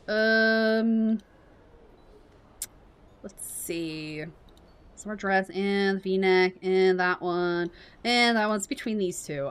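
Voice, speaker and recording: A woman's voice: medium pitch, fairly bright tone, clean tone. A woman streamer giving casual gameplay commentary, reading game text aloud and swearing now and then.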